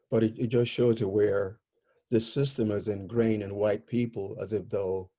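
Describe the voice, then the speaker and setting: A man speaking as an interview guest, telling personal stories in a halting way, often searching for words. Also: lowish voice, fairly even intonation, warm tone.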